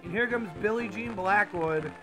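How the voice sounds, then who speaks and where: A man giving mock play-by-play commentary over a baseball video game, with sudden loud bursts of excitement. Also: sits high, normal speed, over music.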